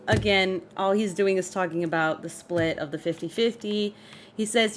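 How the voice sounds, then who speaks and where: A woman's voice: medium pitch, normal speed, a little hiss or hum. A woman streaming live, chatting casually about a rap feud, reading lyrics and greeting her chat. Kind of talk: casual livestream commentary.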